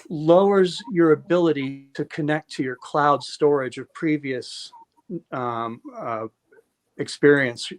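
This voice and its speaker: A man in a conversational debate, making long run-on arguments in a lecturing manner. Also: a little high.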